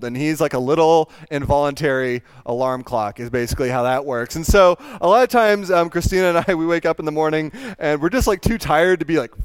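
A young man telling a personal story in a lively, self-mocking way, with many fillers and restarts. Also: a little high, clear, resonant tone, no room sound. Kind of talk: storytelling talk.

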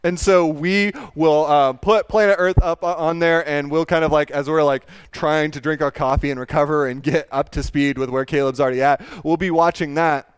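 A young man telling a personal story in a lively, self-mocking way, with many fillers and restarts. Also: a little high, normal speed, few pauses, clean tone, no room sound. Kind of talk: storytelling talk.

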